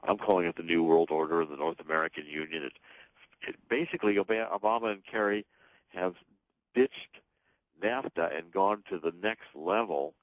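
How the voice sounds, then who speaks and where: A man's voice: deep voice, moderate pace, no echo, low-quality recording. A man speaking as a guest author and political commentator on a radio talk show, talking emphatically in long runs with frequent restarts.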